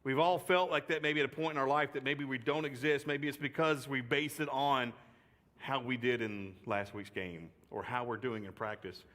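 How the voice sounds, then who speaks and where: Guy doing a youth talk, jokey storytelling, mid pitch, big hall echo trailing off. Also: fairly even intonation, normal speed, bright, forceful tone. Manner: chatty, jokey, repeats phrases for effect. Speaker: youth speaker. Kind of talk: youth sermon with personal storytelling. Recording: long reverb of a large hall.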